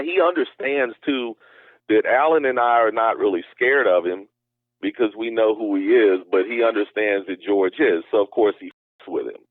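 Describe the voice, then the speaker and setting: A man with a fairly low voice tells his story in a loose, rambling way, full of fillers and restarts. The sound is thin and phone-like, with no room echo at all. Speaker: interview guest. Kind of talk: casual storytelling.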